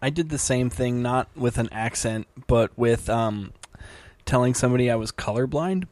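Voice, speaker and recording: A man's voice: medium pitch, moderate pace, no room sound. Young guy chatting easy, lots of likes, mid voice, dry close mic. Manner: relaxed storyteller, lots of "like" fillers. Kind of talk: casual chat.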